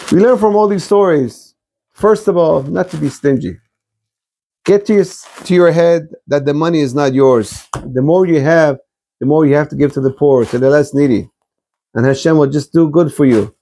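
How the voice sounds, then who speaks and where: Brief: male rabbi giving a weekly sermon, forceful, preachy, slightly high-pitched. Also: normal speed. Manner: exhortative, blunt, preachy.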